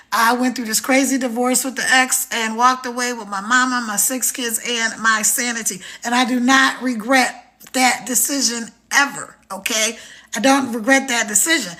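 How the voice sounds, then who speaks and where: A middle-aged woman hosting a live stream, giving an energetic, motivational pitch straight to her viewers. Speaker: live-stream host promoting a program.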